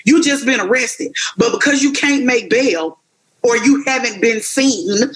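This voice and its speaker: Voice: medium pitch, a little slow, a crowd in the background. A podcast co-host in casual comedic chat, ranting with profanity and acting out quotes.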